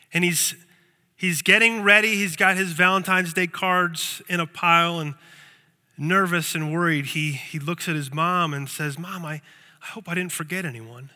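A man's voice: a little high, sharp tone, in a large hall. A male pastor preaching a sermon, telling a story and often repeating words as he thinks.

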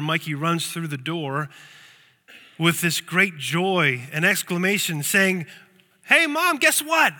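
Male pastor, sermon, storytelling, repeats words, high voice, echoey church hall. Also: bright, forceful tone.

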